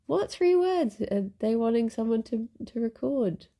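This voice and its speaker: A woman's voice: on the high side, animated, unhurried, mellow. A woman in her thirties, chatting casually and rambling as she streams. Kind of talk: casual chat. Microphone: desk microphone.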